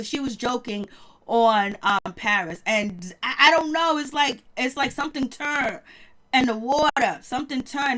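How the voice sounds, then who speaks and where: Woman, higher voice, casual gossipy recap host who laughs easily. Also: a bit bright. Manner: chatty, gossipy, laughs often, greets viewers. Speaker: reality TV recap vlogger. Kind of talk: casual chat.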